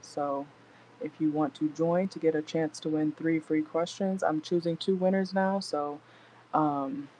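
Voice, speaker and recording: Young woman, tarot reader, mellow voice, loose and chatty, laughs a lot, salty language. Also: low voice, steady tone, a little slow, a little hiss or hum, rough recording. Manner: laid-back, chatty, laughs often, swears casually. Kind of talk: casual live tarot reading. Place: inside a car.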